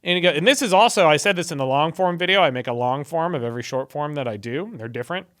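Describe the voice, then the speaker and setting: A young man retells a story for laughs in a casual, irreverent tone and keeps dropping "like" as a filler. His voice is bright and forceful and sits a little high for a man. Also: quick pace. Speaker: online video host.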